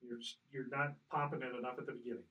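A man working as a hunting guide, coaching someone in a relaxed way, patiently correcting him and demonstrating sounds. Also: mid-range voice, racing, distant mic, dull audio, very noisy. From Colorado. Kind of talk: casual coaching.

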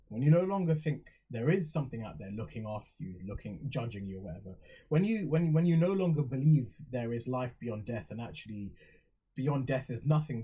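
A man's voice: mid-range voice, mellow, slightly rough, dull audio. A young English man talking in a reflective, rambling way on a casual podcast, with many fillers and restarts. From England. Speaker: podcast co-host.

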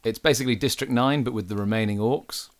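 A man co-hosting a podcast, wryly running a game of pitches and handing out points. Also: fast. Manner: wry, runs the game and hands out points. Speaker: podcast co-host and game runner. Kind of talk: casual comedic chat.

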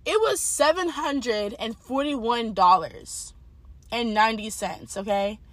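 A young woman telling a personal faith testimony in a casual, animated storytelling way, talking straight to her viewers. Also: fairly high pitch, slow pace, no echo. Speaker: testimony speaker.

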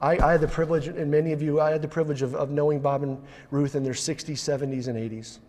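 A male preacher delivers a sermon in a slightly high voice, earnest and building to urgent emphasis. He often restarts his phrases. Long reverb from a large church hall trails after his words. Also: fairly even intonation, quick pace, darkish tone. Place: church sanctuary.

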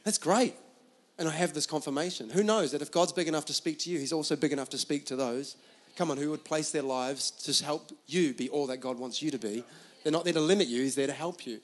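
A man with a high-pitched voice preaches a sermon, leaning hard on repeated phrases and urging his listeners on. He delivers it from a stool on a church stage, pressing each point with fervent emphasis. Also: quick pace. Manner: emphatic preaching with repetition and "come on" exhortations. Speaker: pastor.

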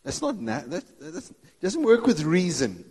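A male pastor delivers a sermon with a slightly high voice, joking, laughing and acting out Bible dialogue in voices. His words ring with the long reverb of a large hall. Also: wildly swooping pitch, measured pace, creaky, darkish tone, breathy edge.

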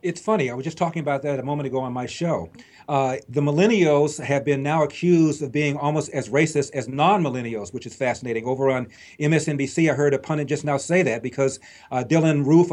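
A man's voice: fairly high pitch, darkish tone. A man in casual political talk, dry and sardonic, pointing his questions at the host. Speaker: guest.

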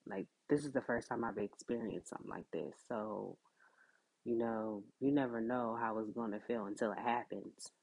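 A woman's voice: extremely low pitch, moderate pace, creaky, darkish tone, slightly rough, low-quality recording. A woman hosting a podcast, telling a personal story in a casual, conversational way, full of fillers like "like" and "you know". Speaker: podcast host.

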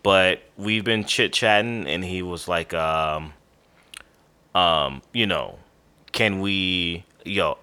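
A low-voiced man chats on a podcast, unhurried and rambling. He sounds tired, with a bright, forceful edge to his tone. He reads tasting notes between casual asides. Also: clean tone. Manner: relaxed, rambling with fillers, tired and yawning. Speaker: podcast co-host. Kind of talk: casual podcast chat, reading beer notes.

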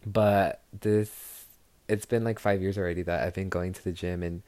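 A young man talks through a casual chat podcast in a lowish voice with a mellow, warm tone. He gushes and chatters loosely, peppering every thought with "like" and "girl." The sound is close and dry, with little room around it. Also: steady tone, normal speed, dry recording. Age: young adult. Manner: chatty and gushing, full of "like" and "girl". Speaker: podcast host.

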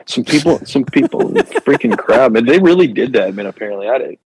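A man co-hosting a casual podcast, agreeable and laid-back, often chiming in with quick agreement. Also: medium pitch, sing-song, a little mellow, breathy edge, no room sound, poor audio. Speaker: podcast co-host. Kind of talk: casual chat.

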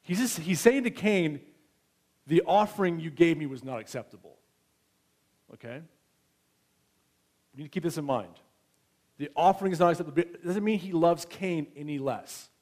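A man's voice: fairly high pitch, lively intonation, normal speed, long pauses, darkish tone. A man in his thirties preaching a sermon in a conversational way, often checking in with his listeners. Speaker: pastor.

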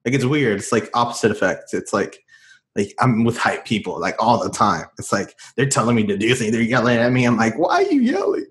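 A man's voice: on the low side, brisk, a bit bright. A man in casual podcast chat, laid-back and rambling, with many fillers and restarts.

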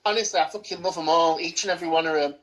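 A woman's voice: on the low side, racing, a bit bright, poor audio. Gloating woman, theatrical chat. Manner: theatrical, gloating banter, swears freely. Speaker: podcast co-host. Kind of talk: casual film-review chat.

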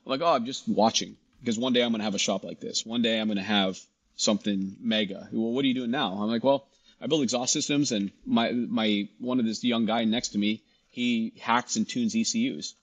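Husky low-voiced man telling a story. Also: fairly quick, highs cut off. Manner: animated, quotes people in dialogue, frequent restarts. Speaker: guest, shop founder. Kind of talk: casual storytelling interview.

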